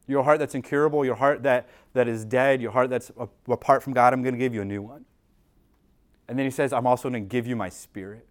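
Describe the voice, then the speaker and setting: A man's voice: mid-range voice, fairly even intonation, brisk, clean tone. Man preaching a casual, conversational sermon. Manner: conversational preaching with many rhetorical questions; repeats words as he restarts sentences. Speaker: pastor.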